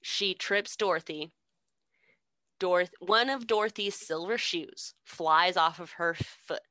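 Bright, sarcastic young woman, dry mic. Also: fairly low pitch, slow, no room sound. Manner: sarcastic, swears freely, laughs often. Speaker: podcast co-host. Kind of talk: casual storytelling recap.

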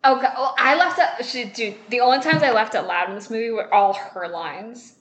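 Animated young woman recapping a movie. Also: a little high, brisk, roomy sound. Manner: animated, acts out quotes, swears, laughs. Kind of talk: casual movie discussion chat.

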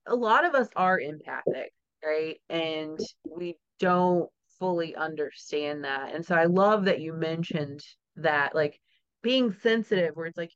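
Woman podcast host, chatty, lowish voice, muffled lo-fi sound. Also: a bit bright, clear, resonant tone. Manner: chatty, laughs often, storytelling asides. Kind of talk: casual interview chat.

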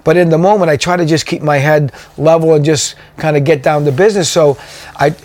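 A man's voice: a little high, steady tone, fairly quick, darkish tone. A man, a touring drummer, telling stories in a casual interview, rambling with many fillers and restarts. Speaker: guest drummer.

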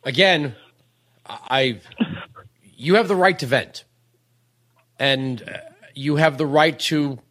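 A man hosting a radio call, speaking gently and haltingly to console a caller. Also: fairly high pitch. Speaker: host.

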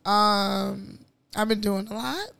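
A woman's voice: medium pitch, slow pace, gravelly, smooth. A woman co-hosting a podcast, chatting casually and easily about her week. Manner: relaxed, chatty, rhyming playfully. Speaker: podcast co-host. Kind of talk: casual chat.

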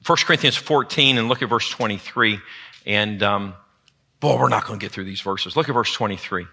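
A man preaching a sermon in a church, with a lively call-and-response delivery. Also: fairly low pitch, brisk, gravelly. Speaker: pastor. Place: church sanctuary.

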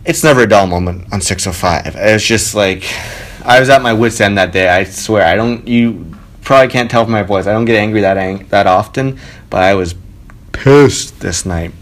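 A man hosting his own podcast from a home studio, telling a story casually, animated and swearing freely. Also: lowish voice, brisk. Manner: animated, swearing, quotes people with raised voice. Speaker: podcast host. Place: spare bedroom home studio. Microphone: home studio mic.

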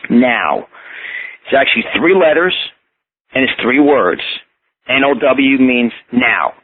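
New york guy preaching motivation, husky voice, tinny phone line sound. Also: mid-range voice, big pitch swings, takes it slowly. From Yonkers, New York. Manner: emphatic, repetitive, spells out words. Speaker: motivational speaker. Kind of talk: motivational talk on a radio show. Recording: phone-line call-in audio.

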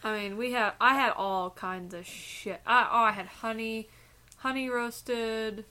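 A woman's voice: fairly high pitch, steady tone, a little slow, sharp tone. A woman co-hosting a podcast, rambling through a story in casual chat, laughing and swearing freely. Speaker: podcast co-host.

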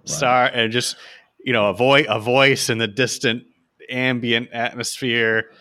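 Man, podcast host, casual chat, bright voice, asides. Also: mid-range voice, level tone, a little slow.

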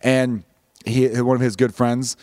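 A man's voice: medium pitch, level tone, unhurried, a little mellow, dry recording. A man hosting a podcast in casual chat, rambling and profane, often restarting his sentences. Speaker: podcast host.

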